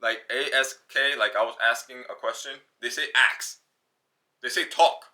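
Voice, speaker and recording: A man with a New York accent, talking casually to camera in an animated, slangy way with quick bursts of mimicry. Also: mid-range voice. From New York City. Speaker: vlogger.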